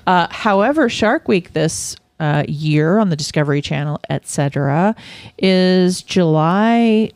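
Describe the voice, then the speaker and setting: A woman's voice: fairly low pitch, expressive, a little slow, darkish tone, no room sound, clean studio sound. A woman hosting a casual chat podcast, talking in a playful way and laughing often. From California. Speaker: podcast host.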